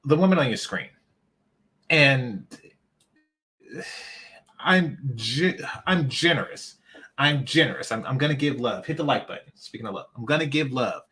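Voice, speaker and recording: A man's voice: mid-range voice, lively intonation, normal speed, long pauses, a bit bright. A man hosting a reaction commentary, emphatic and mocking, often repeating himself. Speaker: commentary channel host.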